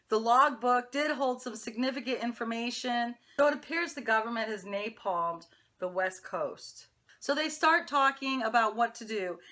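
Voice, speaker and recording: Bright-voiced woman recapping a TV episode. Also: a little high. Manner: chatty, opinionated, talks straight to viewers. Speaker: TV show reviewer.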